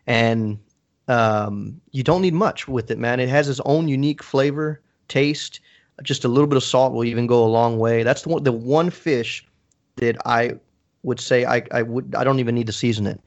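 A man's voice: medium pitch, moderate pace, highs cut off. A man in casual chat who stops and restarts often, calling people dude and man.

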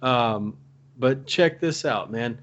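A man in casual chat, telling stories in an animated way and laughing often. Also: mid-range voice, slow, dull audio.

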